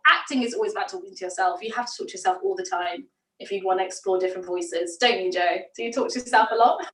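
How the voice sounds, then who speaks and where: A British woman leading a drama workshop, encouraging and playful as she guides a vocal warm-up. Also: medium pitch, fast, recorded from a distance. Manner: encouraging, playful, demonstrates voices. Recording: roomy sound, a bit off-mic.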